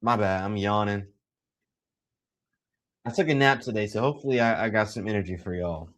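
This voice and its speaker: A young man giving casual live play-by-play commentary, excitable and teasing, full of slang. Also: lowish voice, brisk.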